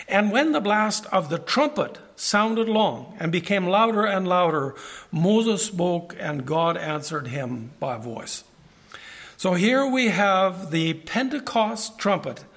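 A man with a high voice preaching a Bible lesson. He reads scripture aloud and stops to explain it to the congregation. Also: fairly bright tone. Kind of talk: Bible teaching sermon.

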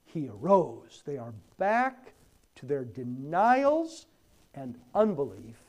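A man delivers a sermon at a deliberate, unhurried pace, his fairly high voice climbing and falling with wide movement. He punches key words loudly, then sinks to almost a whisper. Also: wildly swooping pitch. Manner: emphatic swells on key words, dropping to near-whispers. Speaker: pastor.

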